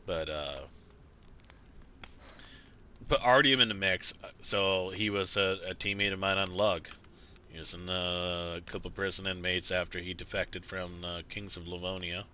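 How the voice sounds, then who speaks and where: Low-voiced man rambling through gameplay. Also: sharp tone, a little hiss or hum. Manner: rambling and profane, many fillers and restarts. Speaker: streamer playing a survival role-play game. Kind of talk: casual gameplay commentary.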